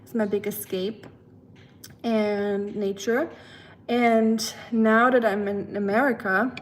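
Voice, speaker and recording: A young German woman with a German accent hosts a livestream, chatting casually with viewers and rambling a bit while teasing herself. Her medium-pitched voice stays steady and slow, and the audio quality is poor.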